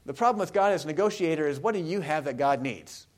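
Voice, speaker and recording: Guy preaching a sermon, kinda high voice, chatty, keeps asking the room questions. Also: animated, quick pace. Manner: conversational preaching with rhetorical questions to the congregation. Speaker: pastor.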